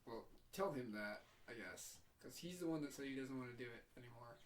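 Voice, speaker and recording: Young man, podcast co-host, casual, trails off, mid-pitched voice, faint hiss behind. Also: lively intonation, brisk. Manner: hesitant, trails off often. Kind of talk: casual chat. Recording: faint background noise.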